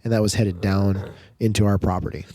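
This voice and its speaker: Animated storytelling dad in his thirties. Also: on the low side, fairly quick, no echo. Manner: animated, acts out his kids' lines. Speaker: podcast co-host. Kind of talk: casual storytelling chat.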